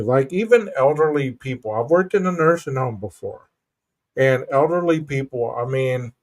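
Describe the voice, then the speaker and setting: A man's voice: fairly high pitch, a little mellow. Guy hosting a live chat stream, earnest and thoughtful, keeps saying bro. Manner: earnest, reflective, says "bro" and "you know". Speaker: podcast host. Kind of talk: casual livestream chat.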